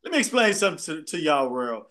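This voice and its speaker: A man's voice: fairly high pitch, big pitch swings, fast, bright, forceful tone. A man co-hosting a casual talk show, telling loose, profane stories and joking with his friends. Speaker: podcast co-host. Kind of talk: casual banter among friends.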